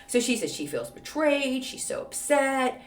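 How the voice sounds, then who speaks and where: A woman's voice: high-pitched, very animated, unhurried. A woman hosting a casual solo podcast, answering an advice letter in a snarky, gossipy storytelling way with lots of fillers. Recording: roomy echo, voice off-mic.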